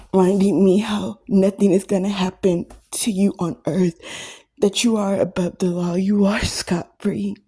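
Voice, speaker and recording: A woman's voice: medium pitch, warm tone, husky. A distressed woman speaking straight to camera in an accusing monologue, piling up repetitive lists and often dropping into a whisper.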